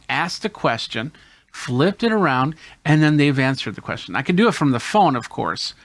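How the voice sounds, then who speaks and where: Tech host demoing gear, dry sound. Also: male voice, medium pitch, fairly bright tone, dry recording. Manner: explains hands-on while demonstrating gadgets. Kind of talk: casual gear demo.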